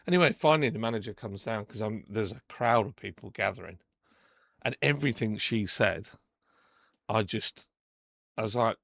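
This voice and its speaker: A man hosting a podcast, retelling a story with animated indignation and acting out the quotes. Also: fairly low pitch, moderate pace, creaky, dry recording, studio quality. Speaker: podcast host. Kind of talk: casual storytelling.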